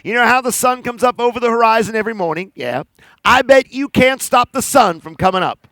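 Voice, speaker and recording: A man's voice: very high-pitched, lively intonation, brisk, sharp tone, dry recording, heavily acted. A man voicing a small, cocky male chipmunk who teases and brags. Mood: teasing. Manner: cocky, teasing.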